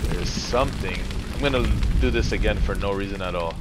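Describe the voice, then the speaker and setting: A male streamer narrates a playthrough in an excitable, jokey voice, swearing freely. Loud game rain hisses behind him. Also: on the low side, brisk. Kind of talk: let's-play commentary.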